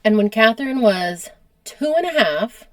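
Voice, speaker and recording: An American woman hosting a casual history podcast, chatty and quick to laugh at herself. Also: on the high side, expressive, a little hiss or hum. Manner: chatty, laughs often, self-deprecating. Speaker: podcast host.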